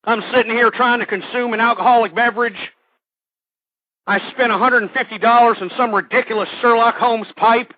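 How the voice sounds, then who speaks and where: A man's voice: very high-pitched, fairly even intonation, brisk, dry recording. A man hosting a call-in radio show, ranting in a combative, crude and repetitive way. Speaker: radio talk show host. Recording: tinny phone-like dry audio.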